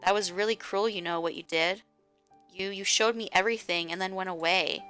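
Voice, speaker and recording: A woman's voice: medium pitch, steady tone, fairly quick, bright, forceful tone, clear, resonant tone, soft background music, lightly acted. A woman voicing an obsessive, tearful young woman who clings to the one she loves and pleads with him.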